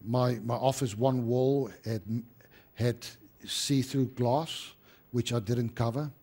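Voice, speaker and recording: A man delivering a church sermon in a middle-pitched voice. He leans on words for emphasis and sinks to near-hushed tones for heavy moments. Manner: emphatic preaching with dramatic drops to a hushed voice. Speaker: pastor.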